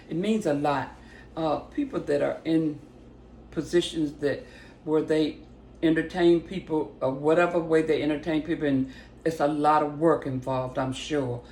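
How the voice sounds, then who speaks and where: An older woman giving a casual spoken testimony, retelling a phone call with lively acted-out voices and big jumps in pitch. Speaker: storyteller giving a personal testimony. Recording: roomy echo with faint background noise.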